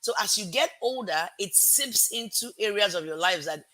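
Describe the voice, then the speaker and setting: A woman with a mixed American and Nigerian accent hosting a motivational live stream, energetic and chatty, greeting viewers and pausing to fix her words. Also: mid-range voice. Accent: American-Nigerian mix. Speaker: host.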